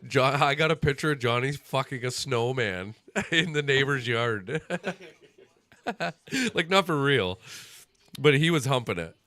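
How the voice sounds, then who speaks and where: A man's voice: medium pitch, lively intonation, measured pace, bright, forceful tone. A man hosting a casual livestream and chatting while he watches a hockey game, telling crude stories with a joking manner. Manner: joking, tells crude stories, laughs often. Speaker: livestream host.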